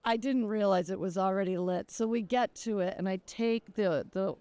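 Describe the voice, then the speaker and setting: A woman who owns a jewelry store, telling stories in a casual, animated way. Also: medium pitch, normal speed, no echo. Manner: lively, animated storyteller. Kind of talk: casual storytelling.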